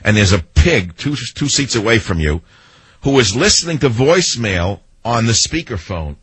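A man's voice: medium pitch, very animated, moderate pace, a bit bright, breathy edge, no echo, poor audio. A man hosting a talk radio show, telling sarcastic stories and mimicking the people in them. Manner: sarcastic, storytelling with mimicked quotes. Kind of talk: monologue to listeners.

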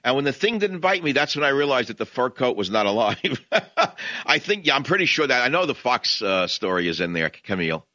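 A man's voice: medium pitch, big pitch swings, fairly quick, bright, forceful tone, no room sound, highs cut off. A man from New York with a New York accent, hosting a talk radio show in an impassioned, combative way. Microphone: studio microphone, dry.

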